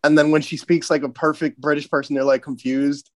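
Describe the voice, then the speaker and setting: A man from the United States, co-hosting a casual chat, rambling and halting with fillers. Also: on the high side, little pitch movement, no room sound. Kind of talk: casual video call chat.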